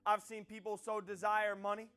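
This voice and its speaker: A male preacher with a high voice delivers a fervent sermon, pressing his points through repetition and swelling to loud, emphatic peaks. Soft instrumental music plays faintly underneath. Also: flat delivery, normal speed, clear, resonant tone. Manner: impassioned, rising to loud emphatic peaks, repeats phrases.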